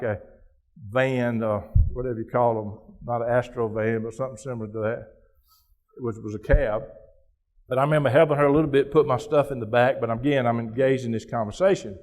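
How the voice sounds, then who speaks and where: A man's voice: medium pitch, steady tone, a little fast, darkish tone. Folksy man telling a story on stage. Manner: folksy, conversational storytelling with many restarts. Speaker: keynote speaker. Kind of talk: storytelling keynote speech.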